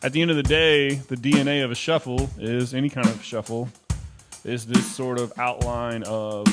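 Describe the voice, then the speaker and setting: A man's voice: medium pitch, normal speed, loud music behind the voice. A man teaching a casual drum lesson, chatty and counting rhythms aloud over his kit. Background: drum kit playing.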